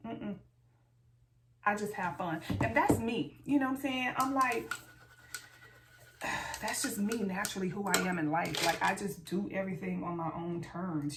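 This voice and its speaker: Speaking in a fairly low, gravelly voice, this woman beauty vlogger gabs to viewers in a playful get-ready-with-me chat, addressing them as "y'all" again and again. Her camera mic sits far back in an echoey room at home, giving distant, roomy sound with slight background noise.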